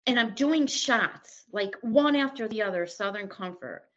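A woman's voice: medium pitch, lively intonation, measured pace, fairly bright tone, muffled recording. A middle-aged woman telling her own recovery story as an interview guest, candid and blunt, acting out past conversations and swearing freely.

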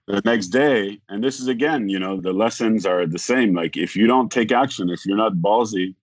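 Man, deep voice, casual storyteller, acts out quotes, dry muffled recording. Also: moderate pace, no echo. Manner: rambling, acts out quoted dialogue, frequent "like". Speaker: podcast guest.

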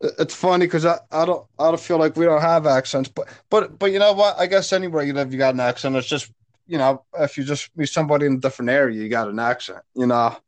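A man's voice: on the high side, fast talker. A man from Philadelphia with a Philadelphia accent, a podcast guest chatting casually in an easygoing, hesitant way. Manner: easygoing, hesitant, with frequent fillers. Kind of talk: casual chat.

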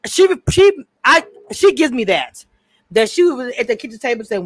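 A woman's voice: on the high side, sing-song, moderate pace, no room sound. A woman co-hosting a casual recap chat over a video call, talkative and prone to drifting off topic with many restarts. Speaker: co-host.

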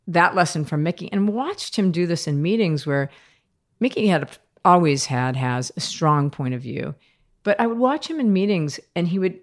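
An American woman, a podcast guest, telling workplace stories in a lively conversational way, often laughing as she talks. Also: on the low side. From United States. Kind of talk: conversational storytelling interview.

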